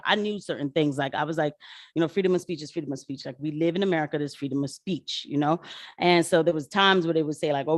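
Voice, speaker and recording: Here a deep-voiced woman chats with her livestream viewers, the recording studio-quality and free of echo. A political commentator, she's animated and slangy, says "y'all" to the audience, and meanders between asides and her own takes.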